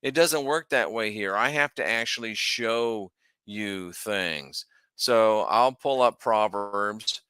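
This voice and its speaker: On his own channel, a man teaches the Bible in a relaxed yet emphatic style, thinking out loud and asking rhetorical questions as he shares his screen. His voice is lowish, slow and sharp, with a clean, dry recording.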